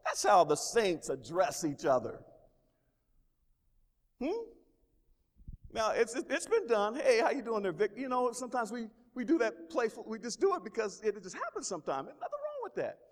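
A man preaching as pastor, his voice very high and lively, rising and falling as he repeats phrases and calls out praise. The sound rings with the long reverb of a large church sanctuary. He stumbles and restarts as he builds to his points. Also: moderate pace, long pauses. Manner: preaching with call-and-response exclamations and repeated phrases. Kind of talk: sermon.

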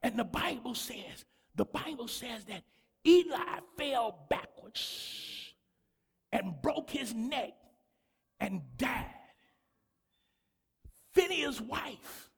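A man preaching a sermon to a church congregation, fervent and repetitive, often breaking into shouts. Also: very high voice, lively intonation, slow pace, creaky, pauses often, breathy edge. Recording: long hall reverb.

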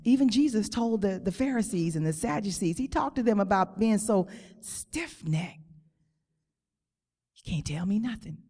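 Slow-preaching woman in a reverberant hall. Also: mid-range voice, warm tone, breathy edge. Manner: slow, drawn-out emphatic phrasing, call-and-response. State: close to tears. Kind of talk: sermon. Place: church.

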